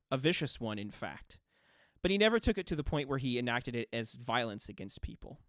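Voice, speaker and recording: A man running a tabletop game as game master, narrating scenes in a measured, descriptive way. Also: mid-range voice, very animated, fairly bright tone, dry recording, clean studio sound.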